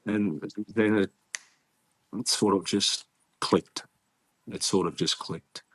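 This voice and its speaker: A man with an Australian accent, a guest in an interview, telling his story earnestly and haltingly with many restarts. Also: fairly low pitch, steady tone, a bit bright. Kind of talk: casual interview conversation.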